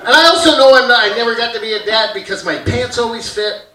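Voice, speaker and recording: A man doing a stand-up comedy set on a theater stage, animated and bursting into shouted impressions of his dad. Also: very high-pitched, quick pace, noisy background. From Canada. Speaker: stand-up comic. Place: theater stage with audience laughter. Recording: roomy, distant theater recording.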